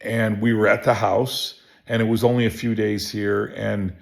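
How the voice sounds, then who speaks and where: A chiropractor telling a personal story in a relaxed, rambling way, full of restarts and fillers. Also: male voice, on the low side, moderate pace, creaky. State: emotional. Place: home.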